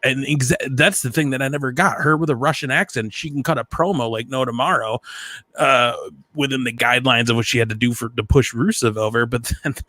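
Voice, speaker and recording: A man's voice: mid-range voice, steady tone, fairly quick, sharp tone, no room sound. A man co-hosting a podcast, chatting casually and loosely, swearing now and then. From half Mexican. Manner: laid-back, swears casually, laughs often. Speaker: podcast co-host. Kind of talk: casual chat.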